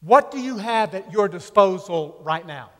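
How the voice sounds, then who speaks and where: In a church sanctuary with the long reverb of a big hall, a male pastor delivers a sermon in a high, slightly bright voice. He preaches slowly and emphatically, animated yet leaving dramatic pauses.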